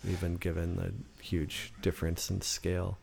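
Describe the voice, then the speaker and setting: Brief: low-voiced man, gravelly, rambling casual guest, restarts mid-thought. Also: completely flat delivery, normal speed, a little mellow. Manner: rambling, restarts often, acts out quotes. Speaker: guest songwriter. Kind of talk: casual conversation. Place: in-person podcast studio.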